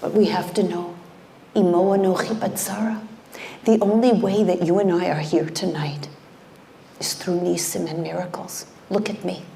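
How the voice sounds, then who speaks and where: A middle-aged woman giving an impassioned sermon, dropping into hushed whispers to stress her points. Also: lowish voice, fairly even intonation, normal speed, vocal fry, a little hiss or hum. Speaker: speaker at a community event.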